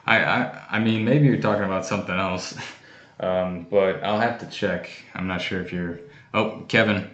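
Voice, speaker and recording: Casual male streamer, low voice, relaxed rambling delivery, echoey room. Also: measured pace, highs cut off. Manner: chatty and easygoing, many fillers and restarts. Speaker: coin collecting channel host. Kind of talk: casual livestream chat, opening fan mail.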